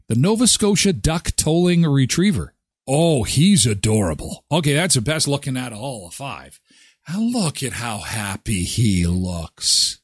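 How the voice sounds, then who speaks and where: Animated, husky-voiced host. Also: male voice, medium pitch, unhurried, dry recording, clean studio sound. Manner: jokey, animated, talks to his dog. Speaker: morning show host. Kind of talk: casual chat.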